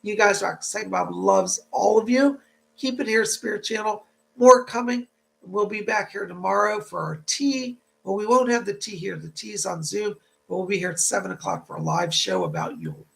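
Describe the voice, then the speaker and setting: A man hosting a live-stream psychic reading, chatty and relaying spirit messages, his voice tight and gravelly from the cold. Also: high voice, fairly bright tone. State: voice tight and cracking from a cold house.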